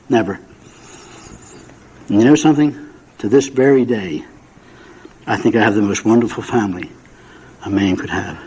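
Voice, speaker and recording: A man's voice: medium pitch, a little mellow, breathy edge, rough recording. An older man sharing a personal story at a recovery meeting, folksy and emotional, acting out the dialogue. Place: meeting room with audience.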